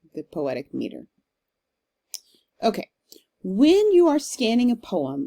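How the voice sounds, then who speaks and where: A woman teaching a literature class in a recorded lecture, talking casually and reading verse aloud with a slow stressed rhythm. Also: mid-range voice, dark tone. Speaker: literature instructor. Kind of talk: recorded lecture on poetic meter.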